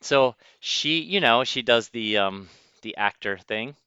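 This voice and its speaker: A man with a bright, clear, forceful voice chats loosely and laughs often as a podcast co-host. His backup mic gives a dry, dull, lo-fi sound with no room echo. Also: medium pitch, slow pace. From United States. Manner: laughs easily, relaxed and chatty. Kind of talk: casual chat. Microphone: backup mic, low fidelity.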